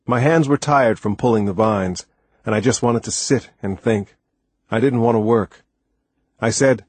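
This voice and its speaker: A man reading a first-person story aloud as an audiobook narrator, measured and deliberate. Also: mid-range voice, breathy edge, dry recording.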